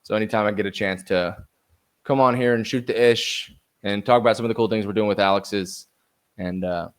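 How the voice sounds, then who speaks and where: A man's voice: on the low side, fairly even intonation, fairly quick. A young man on a podcast as a guest, chatting energetically, laughing often and swearing casually. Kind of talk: casual chat.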